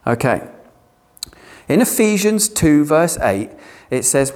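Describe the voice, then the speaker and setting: A man preaching a sermon, animated and given to sarcastic asides. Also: on the high side, slow pace, pauses often.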